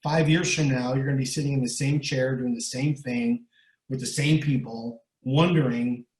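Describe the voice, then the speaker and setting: A man's voice: mid-range voice, steady tone, moderate pace, a little mellow, reverberant, low-quality recording. A middle-aged man speaking as an interview guest. He gives motivational talk, pushes his points hard, repeats words and keeps asking "right?". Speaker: guest speaker and recovery coach.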